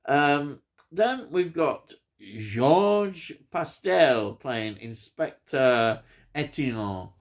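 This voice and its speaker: A man's voice: mid-range voice, lively intonation, drawn-out words. A man, reviewing a film in a rambling, enthusiastic chat full of ums.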